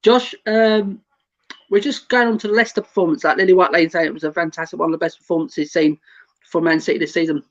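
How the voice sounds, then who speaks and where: Easygoing man with a higher voice. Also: steady tone, fast talker, muffled recording. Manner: easygoing, laughs often, reads out viewer comments. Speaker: show host. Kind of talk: casual football chat.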